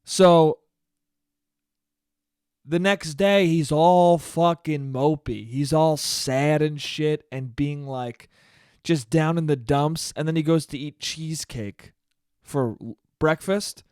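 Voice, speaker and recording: Young male podcast host, a bit high-pitched, profane and animated, dry close sound. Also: takes it slowly, clear, resonant tone, no echo. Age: young adult. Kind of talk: casual solo podcast monologue.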